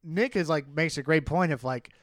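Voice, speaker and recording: A man's voice: fairly high pitch, moderate pace, dry recording, studio quality. A man co-hosting a casual book discussion, reading passages aloud and riffing on them with frequent laughter. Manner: animated, laughs often, reads passages aloud then riffs. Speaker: podcast co-host discussing a novel.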